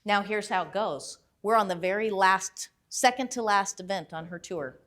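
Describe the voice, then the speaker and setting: A woman motivational speaker telling a story in a lively way. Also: mid-range voice, moderate pace. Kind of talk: motivational talk.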